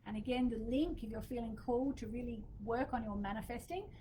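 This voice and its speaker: A woman's voice: on the high side, brisk, dark tone, rough recording. A woman leading a spiritual moon ceremony, talking in a casual, meandering, chatty way with fillers, recorded outdoors in a small courtyard. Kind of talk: casual spoken teaching. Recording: outdoor ambience noise behind voice.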